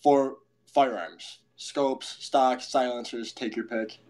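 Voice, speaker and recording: A man moderating a casual debate, announcing topics and time in halting, stiffly formal phrasing. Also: mid-range voice, steady tone, a little mellow.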